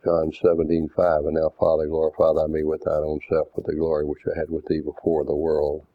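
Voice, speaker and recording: Male preacher, deliberate teaching sermon with scripture readouts; deep bass, dry and lo-fi like a phone line. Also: completely flat delivery, dry recording. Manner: deliberate, didactic, reads verses aloud. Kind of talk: doctrinal sermon with scripture readings. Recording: tinny phone-like dry sound.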